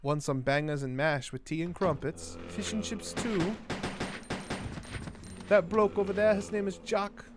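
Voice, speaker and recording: A man on a gaming livestream voicing a cheeky British bloke in a loud, high, exaggerated mock British accent. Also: fairly even intonation, measured pace, background noise. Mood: joking. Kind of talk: joking accent impression on a game livestream.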